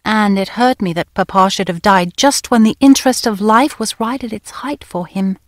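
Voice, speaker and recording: A woman narrating a novel in the first person, with a crisp, wry storytelling manner. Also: mid-range voice, moderate pace, no room sound, clean studio sound. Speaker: audiobook narrator.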